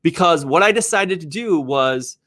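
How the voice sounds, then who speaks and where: A man with a slightly higher voice tells a personal story in a lively, conversational way. He talks like a real estate developer speaking directly to viewers. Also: moderate pace.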